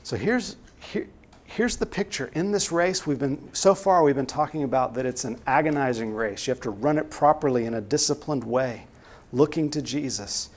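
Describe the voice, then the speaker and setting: A man's voice: medium pitch, normal speed. A man preaching a sermon, earnest and exhorting, with many direct rhetorical questions to the listeners.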